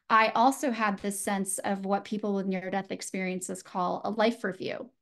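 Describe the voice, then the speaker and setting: Earnest woman telling her story. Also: medium pitch. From San Francisco, USA. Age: adult. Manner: earnest, reflective, many fillers and restarts. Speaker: guest. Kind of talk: personal storytelling.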